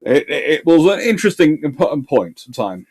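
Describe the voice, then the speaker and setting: A man's voice: on the high side, big pitch swings, moderate pace, a little mellow, slightly rough. A male history host answering viewer questions live, thinking aloud with restarts and repeated words. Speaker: naval history channel host.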